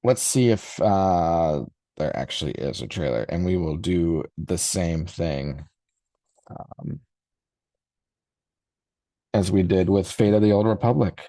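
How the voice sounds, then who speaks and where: A man in his forties hosts a podcast with a rambling, nostalgic reaction, full of ums and restarts. His voice sits a little low and sounds dry and close. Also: lively intonation, slow pace, long pauses, mellow, no echo. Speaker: podcast host. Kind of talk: casual reaction commentary.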